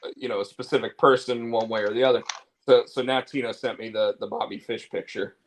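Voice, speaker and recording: Brisk and steady in tone, a man with a medium-pitched voice co-hosts a casual talk show, heard on a low-quality recording with slight background noise. He rambles candidly, swearing, restarting, repeating words, and using fillers.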